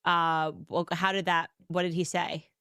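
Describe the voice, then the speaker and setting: A woman hosting a conversational interview, teasing her guests and breaking into laughter often. Her voice sits on the low side. It sounds dry and close to the mic. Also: flat delivery, measured pace, bright, forceful tone, smooth, no echo. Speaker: interview host.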